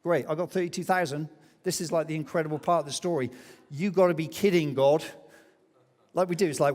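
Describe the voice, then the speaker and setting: Animated male pastor in a reverberant church. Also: on the high side. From England. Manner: animated storytelling, acts out quoted voices. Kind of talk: sermon. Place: church hall. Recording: long hall reverb.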